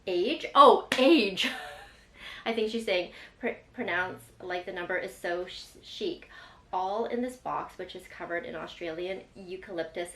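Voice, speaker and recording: A woman's voice: on the low side, moderate pace. Young woman vlogger, effusive and chatty, recorded in a roomy space. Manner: gushing, emotional, chatty with many fillers. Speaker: lifestyle vlogger. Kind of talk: excited unboxing chat. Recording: echoey room with faint ambience.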